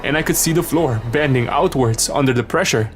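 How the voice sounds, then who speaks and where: Guy reading a creepy story, tense and dramatic, soft music behind. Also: medium pitch, fairly quick. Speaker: horror story narrator. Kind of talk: scripted narration. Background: background music.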